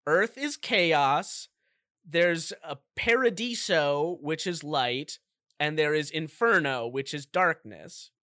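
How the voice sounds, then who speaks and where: Bright, unhurried man recapping a game. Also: a little high, animated, no room sound, clean studio sound. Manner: laid-back storyteller, jokey asides. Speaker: podcast co-host. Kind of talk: casual chat, recapping a video game plot.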